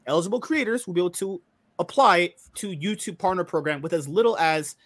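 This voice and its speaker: A man's voice: sits high, fairly quick, a bit bright. A man hosting a casual podcast chat, joking and swearing as he talks. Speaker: podcast host.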